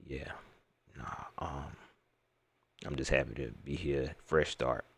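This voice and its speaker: A man doing a low, mumbling football player. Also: slow, breathy edge, exaggerated voice. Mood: flat. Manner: flat, terse, low mumble. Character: mumbling withdrawn young male football player.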